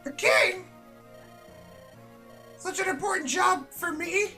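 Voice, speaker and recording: A man voicing an excitable little girl in a game reading, with a squeaky falsetto. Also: slow, far from the mic, soft background music, heavily acted. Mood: thrilled. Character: excitable little girl, eager and wide-eyed.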